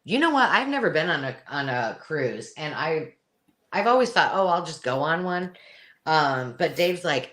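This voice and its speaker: A woman with an unusually deep voice hosts a live craft sale in a casual, rambling way. Her pitch moves a lot as she chats. She often restarts her sentences and pokes fun at herself. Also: animated, moderate pace, a bit bright. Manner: chatty, self-deprecating, rambling with restarts. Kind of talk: casual live-stream chat.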